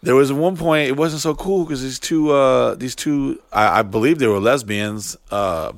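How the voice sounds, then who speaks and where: A man and touring artist telling backstage stories in casual chat, profane and animated, putting on high mocking voices when he quotes people. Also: normal speed, vocal fry, dry recording, studio quality. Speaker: touring artist, podcast co-host.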